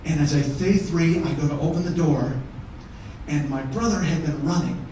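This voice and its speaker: A comedian telling a story on a theater stage, profane, swinging from shouting to hushed. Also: male voice, a little high, normal speed, a little hiss or hum. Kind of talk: stand-up storytelling. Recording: echoey theater from far off.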